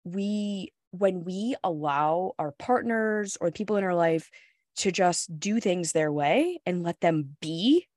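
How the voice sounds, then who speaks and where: A woman hosts a coaching podcast in a loose, candid chat, tossing in laughs and curse words without hesitation. Her voice sits a little low. The recording is dry, with no room sound. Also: lively intonation, takes it slowly, a little mellow, no room sound. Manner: frank, laughing, swears freely. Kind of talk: casual podcast conversation.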